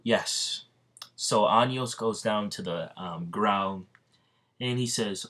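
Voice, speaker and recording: A man with a low voice retells an imagined story in a casual, rambling way. He stops often for ums and restarts, and sounds a little out of breath. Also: slow, a bit bright. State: slightly out of breath. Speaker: fan narrating an imagined crossover story.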